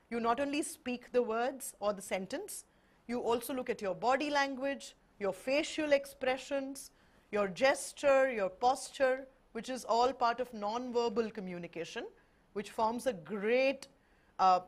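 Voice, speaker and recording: A woman teaching spoken in a warm, encouraging way. She explains step by step with everyday examples and keeps checking that her listeners follow. Her voice sits a little high for a woman. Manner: encouraging, explains with examples, asks "right?" often. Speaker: English-speaking trainer on an education webinar. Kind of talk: friendly instructional talk.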